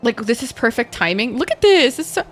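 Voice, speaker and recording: A woman streaming a game live, excitable and giggly, swearing freely as she chats. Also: on the high side, fairly quick, loud music behind the voice.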